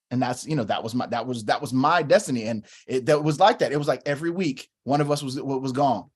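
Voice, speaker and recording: A man's voice: mid-range voice, fast, hardly any pauses, breathy edge. A man in his thirties telling stories in a casual religious discussion, acting out quotes as he goes. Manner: animated storyteller, acts out quotes. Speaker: co-host.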